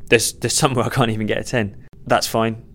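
With a brisk pace and little pitch movement, a young stand-up comedian answers a podcast interview earnestly, rambling, poking fun at himself and restarting a lot. His voice is medium-pitched and fairly bright.

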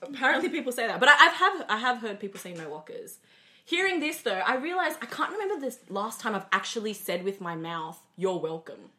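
A woman's voice: fairly high pitch, very animated, brisk, pushed and bright. A young Australian woman hosting a casual podcast chat, often giggling as she talks. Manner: giggly, breaks into fits of laughter. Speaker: podcast host.

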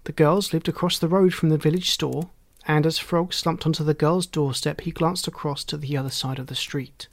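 An adult reading a children's storybook aloud with gently humorous narration. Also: medium pitch, steady tone, moderate pace, dry recording.

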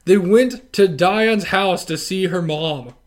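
A man with a somewhat higher voice, chatting casually with a friend. He talks in a loose, conversational way and drops in dry, sarcastic asides. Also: slow pace. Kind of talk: casual chat.

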